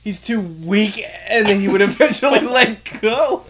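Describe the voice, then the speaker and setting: A young woman in casual chat, giggling through her stories and acting out what people said. She talks at an unhurried, drawn-out pace, her pitch sitting in the middle. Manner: giggly storyteller, acts out quotes.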